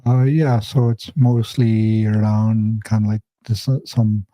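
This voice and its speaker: Male organizer, flat hesitant delivery, dark mellow tone. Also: fairly low pitch, slow pace, no room sound. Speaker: workshop organizer. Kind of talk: casual live-stream chat.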